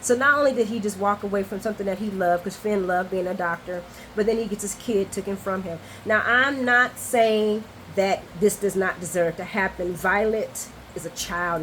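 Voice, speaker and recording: A woman hosting a casual soap opera recap, chatty, expressive and candid. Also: mid-range voice, a little hiss or hum, low-quality recording.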